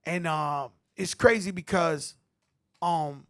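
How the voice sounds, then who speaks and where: A middle-aged man with a New York accent, telling animated stories at a tribute panel, acting out quotes and swearing freely. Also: on the high side, takes it slowly. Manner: animated street storytelling, acts out quotes, swears. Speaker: host.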